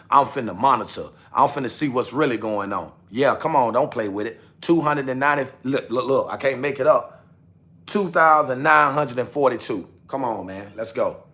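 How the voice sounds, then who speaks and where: A young man talks casually on a livestream, speaking straight to his viewers. He repeats the same lines over and over, coaxing and nagging them. His voice sits at an ordinary middle pitch. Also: fairly bright tone. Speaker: livestream host.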